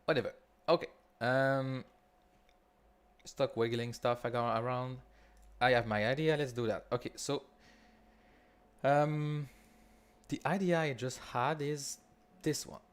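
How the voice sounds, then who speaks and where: A man from Quebec with a Quebec French accent, leading a live coding walkthrough in a halting, think-aloud way with frequent restarts. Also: mid-range voice, steady tone, clean tone. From Quebec, Canada. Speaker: developer leading a builder session.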